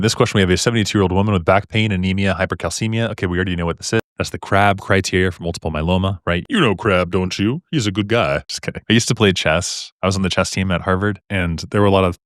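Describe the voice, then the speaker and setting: In a clean studio recording without echo, a young man's voice sits low as he runs through medical exam material. His casual lecture is quick, joking and chatty, packed with rhetorical questions.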